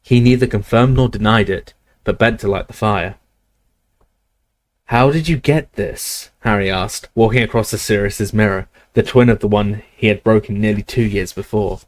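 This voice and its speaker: A man reading a novel aloud in steady, measured storytelling narration. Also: on the low side. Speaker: audiobook reader. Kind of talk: scripted narration.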